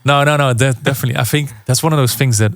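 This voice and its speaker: Gravelly-voiced male radio host. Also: mid-range voice, fairly even intonation, very fast, fairly bright tone, dry recording, studio quality. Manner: friendly, frequent backchannel agreement. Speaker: radio show host interviewing. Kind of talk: casual radio interview.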